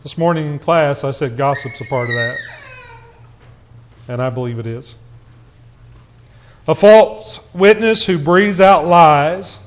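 A man preaching a conversational sermon to a church congregation, asking rhetorical questions and swinging from quiet asides to raised, emphatic passages. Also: on the high side, slow pace, pauses often, a little hiss or hum.

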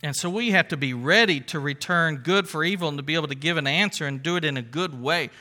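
A man's voice: fairly high pitch, fast, sharp tone. A man preaching a sermon as a pastor, earnest, repeating key phrases for emphasis and reading scripture aloud.

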